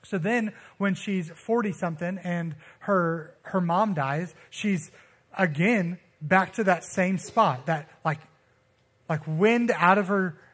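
A young man preaching a casual, animated sermon, telling stories in a slangy way and acting out the voices he quotes. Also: sits high, slow.

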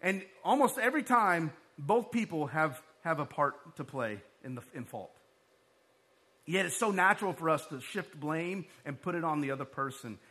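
A man preaching a sermon in a conversational, storytelling way, growing animated as his story builds. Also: on the high side, slightly rough. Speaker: pastor.

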